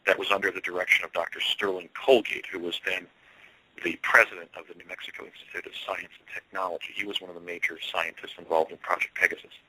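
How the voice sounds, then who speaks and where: A man telling a long first-person story as an interview guest, earnest and halting, with frequent fillers. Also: low voice, little pitch movement, sharp tone, breathy edge, no room sound, low-quality recording.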